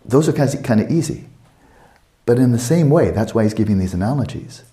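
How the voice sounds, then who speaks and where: A man's voice: mid-range voice, lively intonation, a little fast, warm tone, roomy sound. An older man giving a meditation teaching at a retreat, conversational and playful, acting out little quotes.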